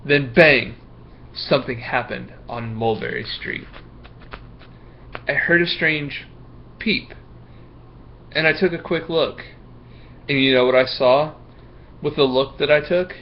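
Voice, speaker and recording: A man's voice: mid-range voice, slow, pauses often. Storybook: a man reading as a nervous schoolboy, hesitant and stammering, muffled recording with faint hiss. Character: young schoolboy, nervous, full of excuses. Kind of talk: reading a picture book aloud.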